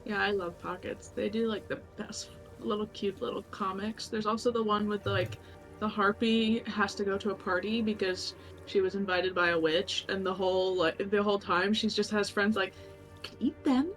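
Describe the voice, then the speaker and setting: A woman's voice: medium pitch, steady tone, moderate pace, fairly bright tone, soft background music, low-quality recording. A woman chatting casually with her tabletop game group during a break. She swears freely and laughs often.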